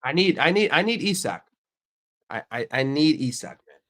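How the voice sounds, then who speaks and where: A brash young man from the United States rants casually, swearing freely and jumping between topics. His voice sits somewhat high. His delivery swings from quick, punchy bursts to slow, mocking asides. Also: sing-song, fairly bright tone. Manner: ranting, heavy swearing, brash. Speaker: streamer and channel host. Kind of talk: casual profane rant.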